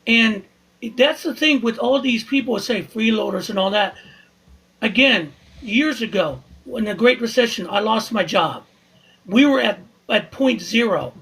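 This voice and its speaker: A man on a live podcast panel, telling stories with indignant, animated energy. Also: high-pitched, measured pace, vocal fry, slightly rough, low-quality recording. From Southern California. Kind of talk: casual live podcast talk.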